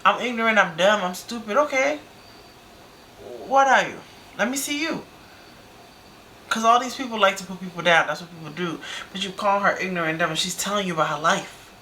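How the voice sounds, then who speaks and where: A woman reacting to a video in casual commentary, animated and slangy, talking back at the screen. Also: medium pitch, brisk, slight background noise.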